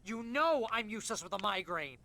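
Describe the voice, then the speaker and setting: A man's voice: high-pitched, very animated, fairly quick, sharp tone, full character voice. An actor playing a fretful, sarcastic male literary agent in a video game, talking in a whiny, worried way. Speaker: game character.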